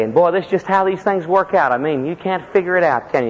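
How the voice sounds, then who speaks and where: A man preaching a sermon as a personal story, impassioned, with sudden leaps in pitch and heavy emphasis. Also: fast talker. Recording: echoey hall, dull lo-fi sound.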